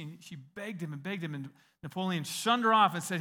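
A middle-aged American man preaching a sermon, telling a story with lively acted-out quotes. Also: sits high, fairly quick. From United States. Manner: animated storyteller, acts out quoted voices. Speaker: pastor.

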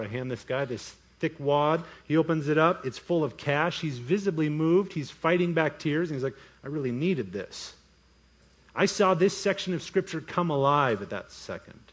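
A man preaching a sermon as pastor, breaking into voiced asides and mock inner monologues. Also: a little high.

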